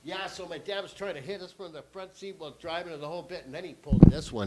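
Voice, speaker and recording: A man doing stand-up comedy and a drawing lesson on a theatre stage, swearing freely, acting out his family and swinging from quiet asides to sudden shouts. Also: a little high, rough recording. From Canada. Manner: acts out family members in quick voices. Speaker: comedian and cartoonist. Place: theatre stage with a live audience.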